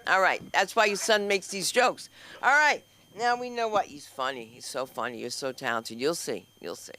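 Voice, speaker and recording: A man hosting a comedy open mic on stage, joking fast and talking straight to the crowd. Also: sits high, expressive, sharp tone. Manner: rapid, jokey, talks straight to the crowd. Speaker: comedy show host. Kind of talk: stand-up hosting banter.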